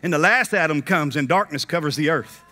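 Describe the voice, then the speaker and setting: A man preaching with a bright, forceful voice that sits a touch high. He moves from quiet, low-spoken asides to shouted peaks and keeps asking the crowd if they are with him. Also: fairly quick. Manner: dramatic, swings between soft asides and shouting; checks in with the crowd. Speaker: conference speaker. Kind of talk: sermon.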